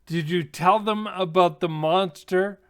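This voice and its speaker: A man's voice: on the high side, takes it slowly, creaky, fairly bright tone, exaggerated voice. A man voicing an earnest young female half-elf naturalist in a tabletop game, speaking up with indignation. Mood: indignant.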